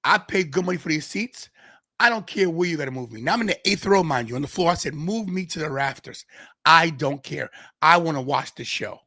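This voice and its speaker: A fairly high-voiced man from Brooklyn, tells a story on his podcast. He acts out the other people's lines in quick voices. The sound is close and dry. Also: lively intonation, bright, forceful tone, dry recording. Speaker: podcast host.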